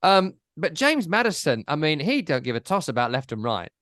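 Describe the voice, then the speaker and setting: Man, football podcast co-host, animated, jokey, dry close mic. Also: a little high, a little fast, no room sound. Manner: animated, jokey, mimics commentators. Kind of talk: casual football chat.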